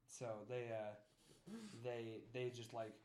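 A man's voice: medium pitch, flat delivery, slow pace, echoey room, very noisy. A man narrating as game master in a loose, rambling way. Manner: rambling, many "like" fillers, laughing.

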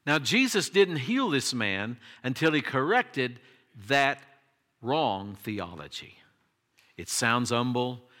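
A man preaching a sermon, emphatic, his voice jumping high when he quotes cries and pleas. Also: sing-song, slow, sharp tone. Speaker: pastor.

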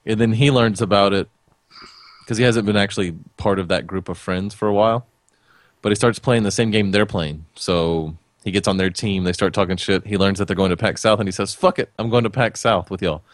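A man's voice: on the low side, brisk, no room sound, studio quality. A young man co-hosting a casual podcast chat, blunt and swearing freely. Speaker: podcast co-host.

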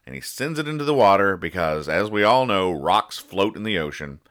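A man's voice: low-pitched, animated, normal speed, a bit bright. A man hosting a casual podcast, rambling, joking and explaining each punchline. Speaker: podcast host reading comics. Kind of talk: casual comedic podcast chat.

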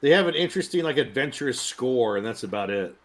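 A man's voice: mid-range voice, animated, quick pace. A man co-hosting a podcast, joking bluntly about movies in casual chat. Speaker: podcast co-host.

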